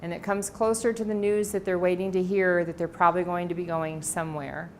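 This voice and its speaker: A middle-aged woman speaks at a library presentation, her voice sitting a little low. She tells family anecdotes, acting out the lines of the people in them. Faint background noise stays under her voice. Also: little pitch movement, a little fast. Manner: warm anecdotal storytelling with quoted dialogue. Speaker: author giving a library talk. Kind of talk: personal storytelling talk.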